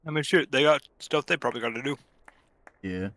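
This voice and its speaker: Male streamer, bright voice, dry close mic, game music behind. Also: medium pitch, expressive, a little fast, no room sound. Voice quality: loose, profane, reactive banter. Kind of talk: casual live gameplay commentary.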